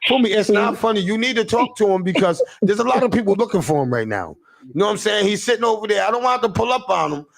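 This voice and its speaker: A man with a high-pitched, gravelly voice tells a comic story as a rant. He is animated and profane, and he keeps checking in with "you know what I'm saying". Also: fast.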